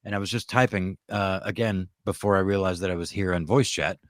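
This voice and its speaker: A man's voice: deep voice, fairly even intonation, fairly quick, dry recording, clean studio sound. A man co-hosting a casual voice-chat podcast, rambling and joking with lots of profanity. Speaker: podcast co-host.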